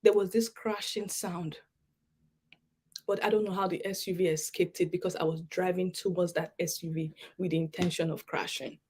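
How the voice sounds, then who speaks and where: A woman giving an emotional personal testimony at a summit, halting and repeating words as she pleads earnestly with listeners. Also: lowish voice, level tone, a little mellow, husky. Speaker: summit speaker.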